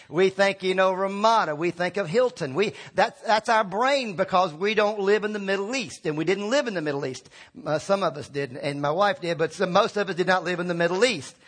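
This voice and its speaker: A man's voice: high-pitched, a bit bright. A man preaching a sermon as pastor, talking conversationally with restarts and acting out quotes.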